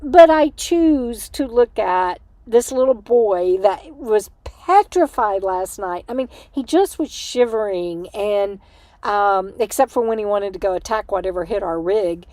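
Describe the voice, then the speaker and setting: A woman's voice: mid-range voice, expressive, unhurried, mellow, dry recording. An older woman, host of a casual livestream, chatting and giggling with many fillers while short on sleep inside an RV. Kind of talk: casual livestream chat reading comments. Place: small room inside an RV.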